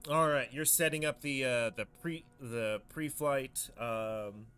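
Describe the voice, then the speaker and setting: A man narrating a tabletop game as game master, halting with many fillers and restarts. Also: mid-range voice, bright, forceful tone.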